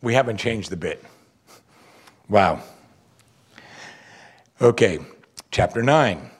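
Husky male preacher, animated teaching. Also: lowish voice, slow. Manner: animated Bible teaching with reading and asides. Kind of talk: sermon.

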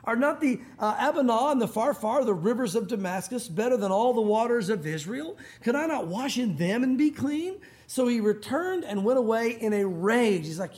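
Male pastor, high voice, sermon in church, chatty retelling of scripture. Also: expressive, brisk. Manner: conversational, acts out biblical dialogue in casual modern speech. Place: church sanctuary.

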